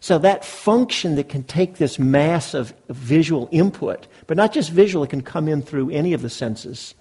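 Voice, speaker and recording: A man's voice: fairly high pitch, animated, moderate pace, warm tone, slightly rough. A man teaching meditation to a live group in a hall, explaining in a conversational way and often checking that the audience follows. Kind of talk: dharma talk to a live group.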